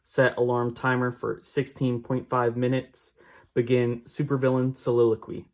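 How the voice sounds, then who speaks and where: A man's voice: mid-range voice, flat delivery, moderate pace, a little mellow. A man casually recapping a comic book issue, rambling with fillers and small laughs.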